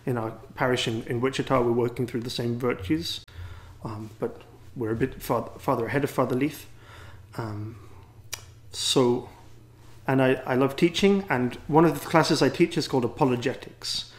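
A man's voice: mid-range voice, steady tone, normal speed. A man with an English accent, a priest and teacher, giving a wry, rambling, self-deprecating talk to a gathering. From England.

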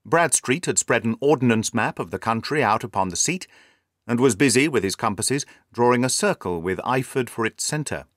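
A man narrating a story in a measured, scripted style. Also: mid-range voice, expressive, a bit bright, no room sound, clean studio sound.

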